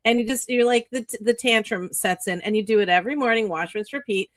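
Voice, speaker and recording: A woman co-hosting a casual chat, delivering lively motivational advice with plenty of cursing. Her voice sits fairly high. The sound is dry and close-miked. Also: fast, no room sound. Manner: animated, profane, spiritual pep talk. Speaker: co-host, author.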